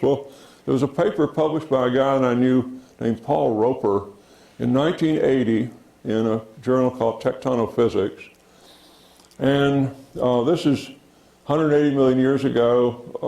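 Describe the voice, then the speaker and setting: A man lectures from his slides in a roomy, echoing hall. His voice is dark and gravelly, and he speaks haltingly, with many fillers. He keeps calling out "next" to move on to the next slide. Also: medium pitch. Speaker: geology lecturer.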